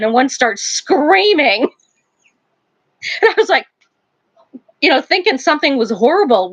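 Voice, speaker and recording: In a muffled recording, an older woman with a mid-range voice runs a relaxed live stream from home beside a wood stove. Her chat rambles, and she laughs frequently.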